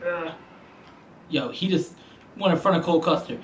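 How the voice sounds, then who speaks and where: A man's voice: fairly high pitch, normal speed, a little hiss or hum, low-quality recording. A man streaming a racing game, talking casually with heavy slang and profane trash talk. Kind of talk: casual gaming commentary.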